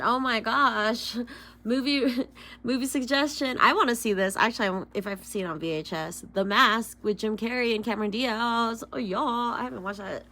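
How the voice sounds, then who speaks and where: A woman's voice: on the high side, sharp tone. A young woman giving a casual tarot reading, chatty and loose, swearing and laughing between solemn card readings. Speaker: tarot reader.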